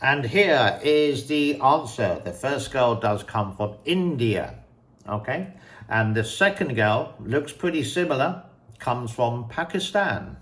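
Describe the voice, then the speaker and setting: A man hosting a picture quiz, talking slowly and deliberately and putting questions to the viewer. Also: mid-range voice, lively intonation, fairly bright tone. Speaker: show host. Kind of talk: casual commentary quiz to camera.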